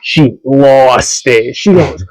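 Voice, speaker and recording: A man's voice: medium pitch, drawn-out words, dry recording, poor audio. A young man co-hosting a podcast, telling a story in casual chat and acting out the voices of the people in it. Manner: animated storyteller who acts out quoted voices. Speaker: podcast co-host.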